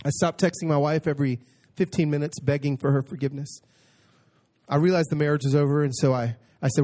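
His voice a little high, a preacher gives his testimony as a sermon. He alternates between quiet narration and bursts of excitement, and when he reads scripture he goes slowly and emphatically.

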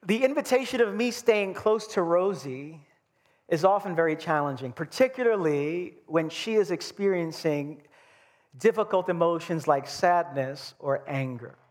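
Pastor guy from brooklyn giving a sermon, pretty high voice, lively storytelling. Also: measured pace. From Brooklyn, New York. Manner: animated storyteller acting out scenes with humor.

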